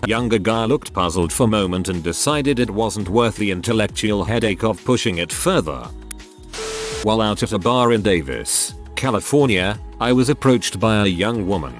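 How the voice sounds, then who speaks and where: A man's voice: fairly low pitch, expressive, moderate pace, soft background music. A man reading online stories aloud as the regular narrator, in scripted storytelling narration.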